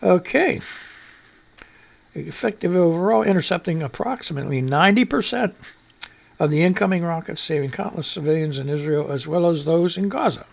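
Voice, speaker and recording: A man's voice: sits high, vocal fry. A man hosting a lunchtime radio talk show, reading news items and posts aloud and riffing on them in a loose, rambling, joking way. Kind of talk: rambling comedic news commentary.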